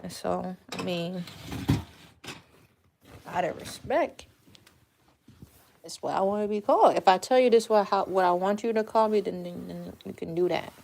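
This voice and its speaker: A woman's voice: lowish voice, normal speed, vocal fry, long pauses, a little mellow, slight background noise. A woman hosting a casual livestream chat from a dim room at home, talking frankly in a rambling way and swearing casually. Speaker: livestream host.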